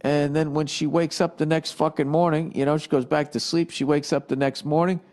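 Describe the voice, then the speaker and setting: A man delivers a comedic podcast rant in a voice that sits somewhat high for a man. He reads questions aloud, then riffs on them with plenty of swearing and a tone of exasperation. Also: flat delivery, fairly quick, a little mellow. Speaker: podcast host. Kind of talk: ranting comedic monologue.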